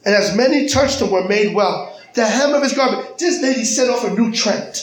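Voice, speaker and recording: A male pastor preaching a sermon in a church, with dramatic pauses and rising emphasis. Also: high voice, reverberant, low-quality recording. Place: church sanctuary. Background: soft keyboard music.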